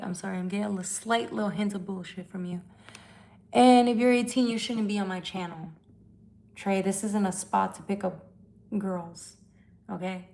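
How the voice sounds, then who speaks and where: Here a woman with a darkish, mid-range voice runs a live tarot stream over her phone. The chat is casual, yet she's blunt and profane, confronting viewers and calling them out.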